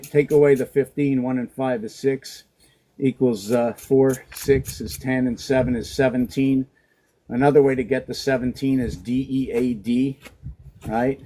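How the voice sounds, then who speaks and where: A man in his forties rambling playfully to his dog and working through letter-number sums out loud. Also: medium pitch, rough recording. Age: 40s. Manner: rambling, playful, talks to the dog in a sing-song way. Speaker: vlogger.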